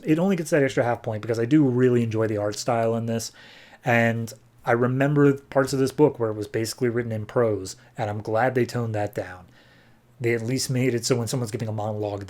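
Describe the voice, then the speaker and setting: A man's voice: mid-range voice, a little mellow. A young man hosting a podcast, casually reviewing comics and recapping plots in an offhand, chatty way. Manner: offhand, recaps plots with quick paraphrased quotes.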